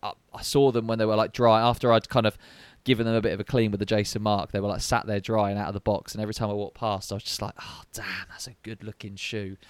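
A man's voice: fairly low pitch, level tone, fast, clean tone, dry recording. A man co-hosting a podcast, chatting casually and rambling a little with fillers. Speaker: podcast co-host. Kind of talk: casual chat.

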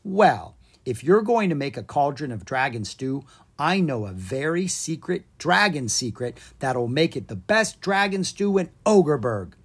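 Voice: medium pitch, very animated, a little slow, breathy edge, full character voice. A reader voicing a bold, scheming young girl dragon who talks confidently and bossily, in a children's storybook reading. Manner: confident, bossy, cheerful.

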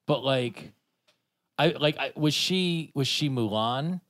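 A man's voice: medium pitch, takes it slowly, fairly bright tone. A man hosting a podcast, talking in a loose, rambling way and laughing often. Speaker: podcast host. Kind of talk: casual chat.

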